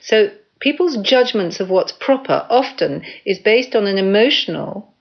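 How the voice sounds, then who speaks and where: A woman voice coach explaining things calmly in a radio interview, giving spoken examples as she goes. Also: medium pitch, unhurried, vocal fry, breathy edge, dull audio.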